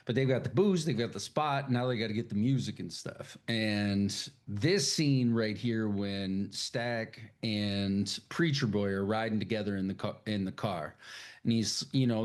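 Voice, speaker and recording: Animated, swearing man reviewing a film. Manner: animated, profane, acts out character lines in high voices. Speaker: podcast co-host. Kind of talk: casual film review chat.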